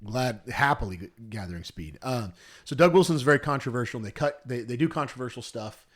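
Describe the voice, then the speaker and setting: Talking fast with lively intonation in a mid-range voice, a young man co-hosts a casual podcast. His stories ramble, and he frequently backtracks to correct himself.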